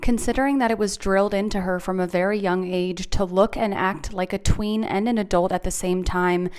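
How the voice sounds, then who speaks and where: A woman reading a scripted narration in an even, matter-of-fact way. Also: mid-range voice, a little fast, smooth.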